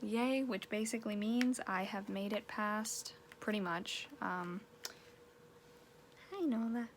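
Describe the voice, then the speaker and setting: A woman's voice: mid-range voice, fairly even intonation, slow pace, a little hiss or hum. A young woman chatting casually in a daily vlog, rambling from topic to topic and sometimes getting worked up. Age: young adult. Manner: rambling, chatty, rising to exasperated rants. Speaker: vlogger.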